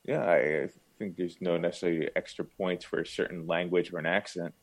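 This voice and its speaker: Low-voiced and fairly quick, with a steady tone, this younger podcast co-host gets teased in casual banter and stumbles defensively, restarting his sentences with a stammer.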